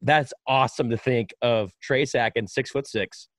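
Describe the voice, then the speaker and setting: A man's voice: mid-range voice, moderate pace, dry recording. A man hosting a podcast, a radio broadcaster who tells stories with emphasis and enthusiasm in casual conversation. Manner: animated storyteller, emphatic.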